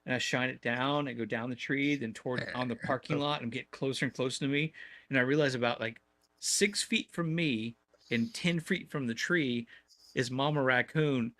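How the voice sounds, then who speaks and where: A man chatting on a podcast panel, telling animated stories with stammering restarts. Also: mid-range voice, normal speed, no room sound. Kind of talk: casual chat.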